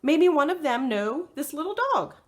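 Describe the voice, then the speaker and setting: A woman voicing an eager young girl detective in a storybook, high and excited, often calling out. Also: normal speed.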